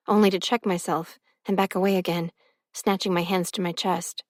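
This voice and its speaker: A woman reading a first-person novel as an audiobook narrator, expressive and close to the mic. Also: medium pitch, moderate pace, no room sound.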